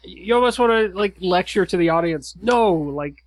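Male co-host, slightly high voice, dry sound, halting delivery. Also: no room sound, poor audio. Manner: hesitant, self-correcting. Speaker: podcast co-host. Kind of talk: casual chat.

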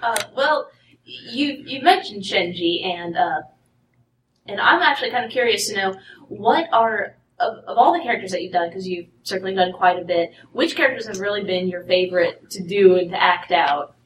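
A woman's voice: mid-range voice, moderate pace, a bit bright, a little hiss or hum. Female interviewer, curious tone, recorded far off mic with room echo. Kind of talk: interview question. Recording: roomy, distant mic.

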